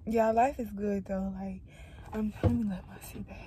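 A woman's voice: mid-range voice, steady tone, moderate pace, mellow, a little hiss or hum. A woman in her twenties filming a casual vlog in her parked car on a phone, rambling bluntly with lots of swearing while crying on and off. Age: 20s. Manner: rambling, emotional, blunt and profane. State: tearful, crying on and off. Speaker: vlogger.

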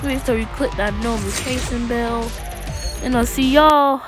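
A woman hosting a gaming channel, giving excited gameplay commentary with dramatic yelps and pleas for help. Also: fairly high pitch, normal speed, over music.

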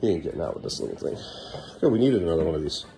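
A man's voice: deep voice, very animated, very fast, creaky, music in the background. A man in his thirties, a father filming a casual family vlog at home, teasing and coaxing his young kids. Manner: playful teasing dad, coaxing and praising kids.

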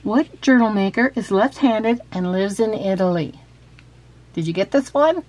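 Unhurried and somewhat dark in tone, her mid-range voice has lively intonation. The craft vlogger does a relaxed show-and-tell of her handmade journal, stumbling with ums and restarts, then reads a quiz aloud.

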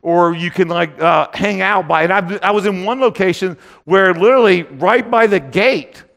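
A man's voice: sits high, moderate pace, creaky, fairly bright tone. A man giving a casual, joking storytelling talk at a conference, rambling and full of filler phrases. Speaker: conference speaker. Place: conference hall stage. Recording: long reverb of a conference hall.

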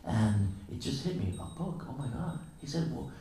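Male lecturer, low and dark-toned, relaxed storyteller who acts out quotes; very echoey, distant hall recording. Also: moderate pace, vocal fry, a little hiss or hum. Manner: casual storytelling, acting out quoted dialogue with chuckles. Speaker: guest lecturer at a temple. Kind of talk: anecdotal morning lecture. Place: temple hall.

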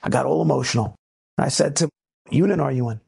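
A man from the United States, a rabbi, giving an inspirational talk that moves between lively storytelling and emphatic preaching. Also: fast talker, vocal fry, breathy edge. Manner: animated storyteller, swings between low asides and emphatic preaching.

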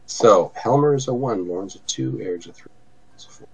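A man's voice: fairly low pitch, lively intonation, brisk, a little mellow, slight background noise, poor audio. A man acting as game master of a tabletop game, narrating in an easygoing way and thinking aloud as he goes.

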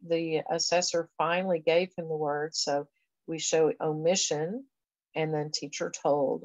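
A woman's voice: on the low side, no room sound, rough recording. A woman education professor giving a conversational recorded lecture, explaining things step by step with frequent fillers. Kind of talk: recorded lecture walking through a reading assessment.

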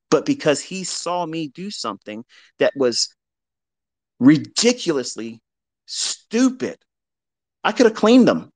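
A middle-aged man with a mid-range voice speaks a little slowly, his pitch swinging widely, with no room sound. He's a trading mentor giving a candid motivational talk, blunt and profane, alternating heavy emphasis with confessional reflection.

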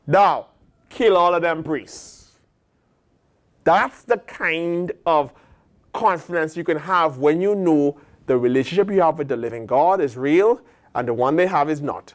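American preacher guy, sermon, slightly high voice, swings up and down a lot, does little voices. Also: measured pace. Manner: animated preaching, acts out voices of God and prophets. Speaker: pastor.

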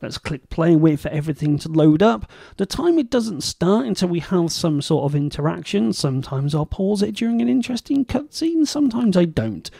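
Gravelly, mellow-voiced man rambling over gameplay. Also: high voice, expressive, fairly quick, few pauses, no room sound, clean studio sound. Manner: chatty, rambling, self-deprecating. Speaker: game show host. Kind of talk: casual gameplay commentary.

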